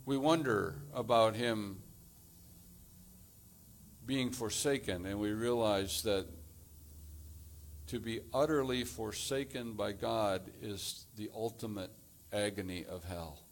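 A man preaching a sermon as pastor, deliberate and measured, delivering his points in short phrases. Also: fairly low pitch.

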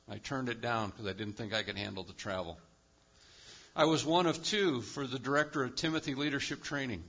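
A male pastor preaching a sermon with emphatic delivery, swinging between loud, high-pitched bursts and quiet, low drops. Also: lo-fi sound. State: lives with chronic pain.

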